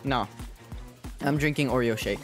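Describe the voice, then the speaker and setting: A young man co-streaming a video game, trading quick teasing banter with his partner. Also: mid-range voice. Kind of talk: casual live-stream gameplay chat. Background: game music.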